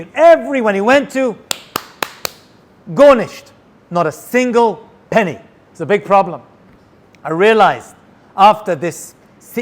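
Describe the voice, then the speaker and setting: A male rabbi telling a story in an animated way, dropping Hebrew and Yiddish words as he goes. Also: high-pitched. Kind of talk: storytelling talk.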